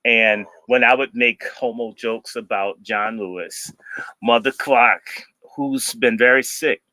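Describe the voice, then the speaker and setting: A man in casual talk, telling stories in an animated way and slipping into mocking voices. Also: mid-range voice, takes it slowly, no echo.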